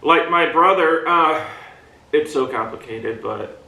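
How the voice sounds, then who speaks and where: Guy doing a chill movie review vlog, slow halting delivery, pitch bouncing around, room echo, mic kinda far off. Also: vocal fry, bright, forceful tone. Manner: halting, with many pauses and fillers; swings his pitch playfully between low and high. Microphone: camera mic at a distance. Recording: roomy echo, mic set back.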